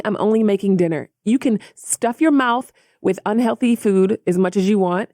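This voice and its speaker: Een vrouw die als co-host van een podcast geanimeerd en losjes verhalen vertelt en haar luisteraars direct aanspreekt. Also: female voice, mid-range voice, moderate pace, dry recording, clean studio sound. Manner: animated, addresses listeners as y'all. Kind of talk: casual storytelling.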